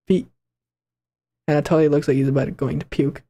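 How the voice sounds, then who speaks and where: A man casually commenting on a game he plays for the first time, reading its lines aloud and bursting into slangy, excitable reactions. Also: a little high, brisk. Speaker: gaming channel host.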